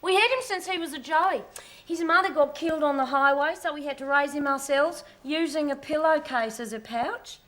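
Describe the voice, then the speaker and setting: A woman's voice: high-pitched, normal speed, fairly bright tone. An actress playing a blunt, matter-of-fact woman with an Australian accent in a sitcom. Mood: storytelling. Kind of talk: sitcom acting.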